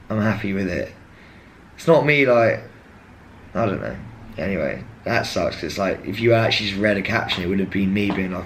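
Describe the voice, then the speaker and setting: A young man, talking casually and frankly to camera, rambling and jumping into animated impressions of others. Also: on the low side, a little hiss or hum. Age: young adult. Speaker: former contestant.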